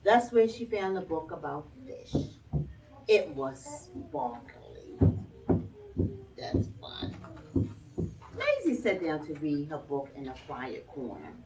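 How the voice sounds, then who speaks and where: A woman librarian reading a picture book aloud to small children in an animated, sing-song way, recorded in a library. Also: low-pitched, slow pace, pauses often. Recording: distant, dull lo-fi sound.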